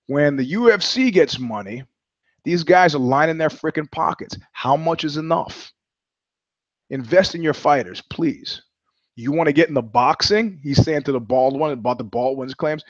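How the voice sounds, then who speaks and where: A man's voice: on the high side, expressive, normal speed, no echo, dull audio. A man hosting a podcast, ranting about fights in a profane, rambling way and acting out quoted conversations. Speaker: podcast host. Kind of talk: casual rant.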